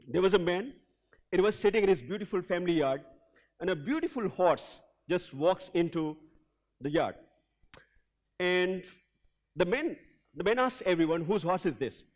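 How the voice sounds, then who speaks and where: Male leadership coach with a very high voice, energetic keynote speaker who drives audience participation in a hotel hall. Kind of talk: motivational keynote with audience call-and-response. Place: hotel event hall before a large audience.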